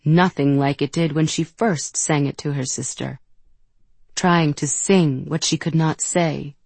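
A woman narrates a novel in an unhurried, gentle storytelling voice that sits low in her range. The recording is close and dry, with no room around her. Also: fairly even intonation, vocal fry, husky, no room sound. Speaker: audiobook narrator. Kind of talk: scripted narration.

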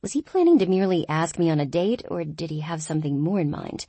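A woman's voice: deep voice, animated, fast talker, mellow, slightly rough, no echo. A woman narrating a first-person audiobook in a wry, lightly humorous storytelling manner.

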